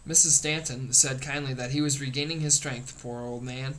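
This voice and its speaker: A man reading a novel aloud in a steady voice, with occasional slips and restarts. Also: medium pitch, moderate pace, low-quality recording. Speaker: audiobook reader.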